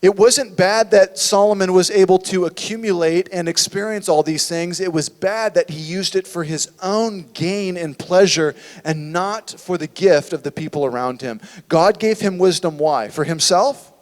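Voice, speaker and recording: A man's voice: high-pitched, moderate pace, few pauses, long reverb tail. A man preaching a sermon as a church pastor, conversational and full of rhetorical questions. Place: church sanctuary.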